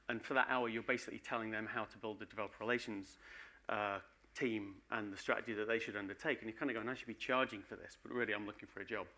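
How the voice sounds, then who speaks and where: A man's voice: mid-range voice, bright, forceful tone. A man giving a conference talk in a chatty, joking way, often restarting his sentences. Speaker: conference speaker. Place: conference hall.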